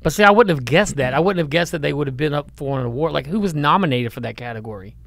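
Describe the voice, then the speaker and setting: A man co-hosting a casual podcast chat, talking in loose, rambling runs full of "like" and "I mean." His voice sits fairly high and is recorded close and dry, with no room around it. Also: expressive, quick pace, creaky, a bit bright, dry recording. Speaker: podcast co-host.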